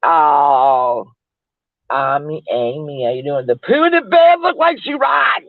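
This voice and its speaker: A man's voice: a little high, sing-song, slow pace, gravelly, dry recording, voice pushed down, exaggerated voice. A man doing a whiny, sobbing mock woman. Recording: tinny phone-like, dry.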